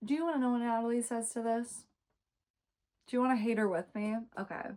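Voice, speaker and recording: A woman's voice: on the high side, brisk. A woman reviewing a book in a casual vlog, exasperated and emphatic, ranting and swearing freely. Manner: expressive, emphatic.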